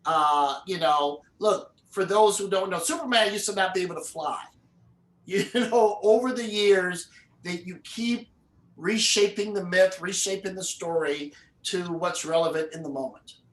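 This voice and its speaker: Animated male storyteller in an echoey hall. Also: high-pitched, measured pace. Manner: animated, acts out the characters. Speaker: film director and guest speaker. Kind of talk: storytelling in a live conversation. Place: university event hall.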